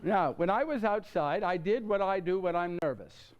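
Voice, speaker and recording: A man with a high, natural voice speaks at a moderate pace through dull audio, performing a one-man show in a church before a live audience. The young adult actor plays an earnest, flustered nineteen-year-old carpenter, stammering, repeating himself and addressing the audience directly in his monologue.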